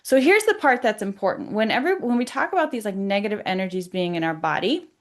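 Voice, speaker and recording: A woman's voice: mid-range voice, quick pace. Chatty woman psychic telling a story. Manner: animated, chatty, many "like" fillers, dropping quiet for intimate parts. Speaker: psychic and energy healer. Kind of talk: personal storytelling vlog.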